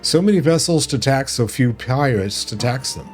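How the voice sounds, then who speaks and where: A man's voice: mid-range voice, lively intonation, moderate pace, faint music behind, close to an everyday voice. A man voicing a blunt, mercenary male pirate captain from a video game, reading the lines aloud boldly. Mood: gruff. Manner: bold, boastful, reads game lines aloud with small stumbles.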